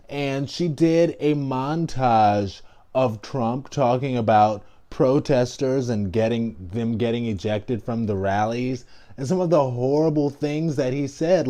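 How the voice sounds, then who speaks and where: A man vlogging casual political commentary, talking in an animated, emphatic way with frequent restarts and asides. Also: medium pitch.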